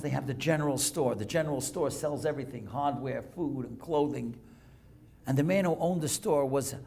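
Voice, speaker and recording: A man, a rabbi telling a story to a congregation, dropping to a hushed voice at moving moments and rising for emphasis. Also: medium pitch, creaky, a little hiss or hum. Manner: dramatic storyteller, drops to a hushed voice for emotional moments, rises for emphasis. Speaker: rabbi and speaker. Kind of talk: storytelling lecture. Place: synagogue lecture hall.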